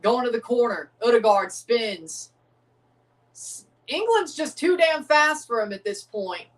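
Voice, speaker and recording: A man's voice: very high-pitched, lively intonation, unhurried, a bit bright, recorded from a distance. An American man, chuckling and rambling through casual live commentary while reacting to a soccer match. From United States.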